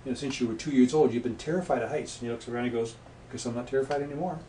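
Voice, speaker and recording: A mid-pitched male guest, a past life regression practitioner, chats casually in an interview, spinning anecdotes and acting out the voices of the people in them. He talks very fast with fairly even intonation and a dark tone, sounding distant from the mic in a roomy, echoing space over faint hiss.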